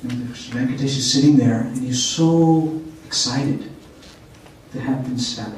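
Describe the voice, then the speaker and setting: Male speaker, mellow tone, storytelling talk with rhetorical check-ins; distant room mic, faint room noise. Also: mid-range voice, unhurried. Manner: checks in with listeners. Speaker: speaker at a spiritual center. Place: meeting hall of a spiritual center. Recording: echoey hall, voice from far off.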